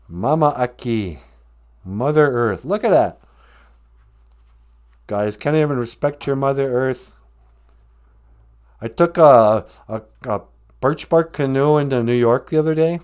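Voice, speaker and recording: A man hosting a podcast, telling jokes and stories in a dry, deadpan way. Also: medium pitch, unhurried, pauses often, smooth. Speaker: podcast host and storyteller. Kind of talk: comedic banter.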